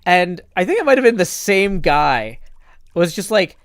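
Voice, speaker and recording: A man's voice: sits high, big pitch swings, moderate pace, a bit bright, no room sound, studio quality. A man from Tennessee chatting casually on a live stream as he plays, telling rambling stories full of restarts and fillers. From Tennessee, United States. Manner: rambling storyteller, many "like"s and restarts. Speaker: live streamer playing a block-building game.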